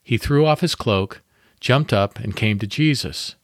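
Low-voiced man leading a Bible meditation. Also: no room sound, studio quality. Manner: calm, measured reading with pauses. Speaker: devotional podcast host. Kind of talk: scripted guided Bible meditation.

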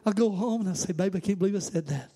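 A man preaching a sermon, moving from quiet, conversational asides to shouted, sing-song exhortation. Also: high voice, fast talker, breathy edge. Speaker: pastor.

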